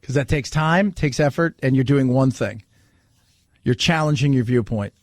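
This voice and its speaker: A man's voice: medium pitch, normal speed, a little mellow, dry recording, clean studio sound. A man hosting a talk radio show, delivering an opinionated monologue with sarcastic, mocking asides.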